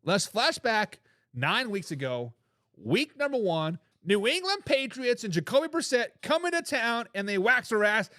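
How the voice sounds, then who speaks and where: A man's voice: high voice, sing-song, measured pace, bright, forceful tone, no echo, clean studio sound. A man hosting a casual sports talk show, reading out viewer comments, repeating his points with emphasis and laughing between remarks.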